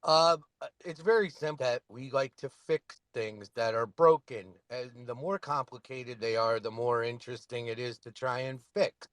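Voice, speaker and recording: A man's voice: medium pitch, moderate pace, fairly bright tone, no echo. A man calling in to a casual chat, rambling and using many fillers. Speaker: caller.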